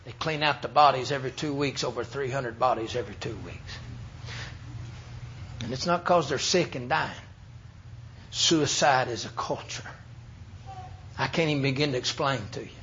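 A man from the United States, preaching an emphatic sermon that swings between loud and hushed. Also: medium pitch, normal speed, long pauses, a little hiss or hum. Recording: dull lo-fi sermon recording.

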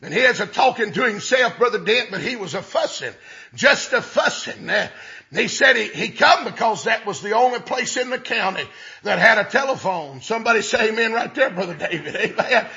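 A man preaching a storytelling sermon, folksy and drawn out, building up to shouted exclamations. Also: sits high, expressive, moderate pace, gravelly, highs cut off.

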